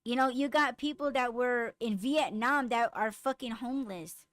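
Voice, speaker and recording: Woman podcast host, casual profane chat, raised and animated when riled, smooth clear voice. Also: on the high side, normal speed, dry recording. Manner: blunt, profane storytelling. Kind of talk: casual chat with live comments.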